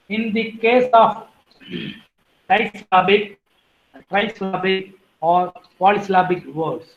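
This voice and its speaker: A woman giving an academic lecture, listing terms one by one and clearing her throat now and then. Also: mid-range voice, roomy sound, dull audio.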